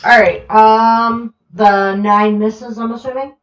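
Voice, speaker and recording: A woman running a tabletop game as game master, relaxed and hesitant with many fillers. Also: on the high side, slow, reverberant, rough recording.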